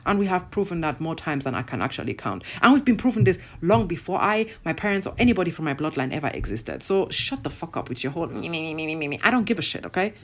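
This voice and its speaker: A woman's voice: deep voice, big pitch swings, fast, hardly any pauses. A woman online commentator delivering a blunt, profane, emphatic rant straight to camera.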